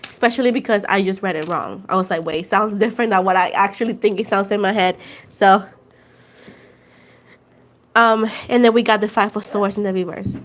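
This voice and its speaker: A woman's voice: mid-range voice, fairly quick, a little hiss or hum. A Puerto Rican woman in her twenties, chatting casually on a tarot livestream, switching between English and Spanish and laughing often. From Puerto Rico. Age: 20s. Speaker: tarot reader livestream host.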